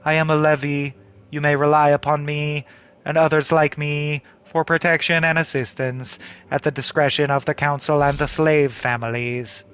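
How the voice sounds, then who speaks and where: A man voicing an eerily polite, smiling soldier in a video game, speaking low, soft and measured. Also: little pitch movement, smooth, natural voice. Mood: courteous.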